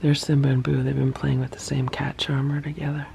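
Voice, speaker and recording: Woman vlogging her cats at home, mellow, kinda gravelly, chatty, talks to the cats. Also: rumbling low, little pitch movement, a little fast, slight background noise. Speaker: cat rescuer vlogger. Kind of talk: casual home vlog narration.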